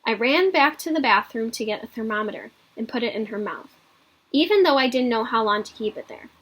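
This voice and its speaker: Teacher, woman, expressive read-aloud; husky, slightly high voice. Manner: expressive storytelling, pausing to explain the story. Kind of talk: reading a children's book aloud in a lesson.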